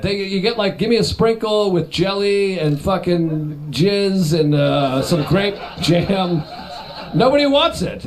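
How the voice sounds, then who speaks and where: Animated man doing stand-up crowd work. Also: high-pitched. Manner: loose, rambling, teasing the audience. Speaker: stand-up comedian. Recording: live show with audience laughter. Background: audience laughter.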